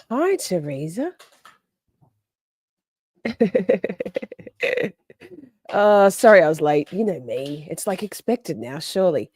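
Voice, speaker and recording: A woman's voice: medium pitch, sing-song, takes it slowly, pauses often, darkish tone, slightly rough, no echo. A woman hosting a casual livestream from home, chatty and bubbly, swearing freely and greeting her viewers. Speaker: livestream host.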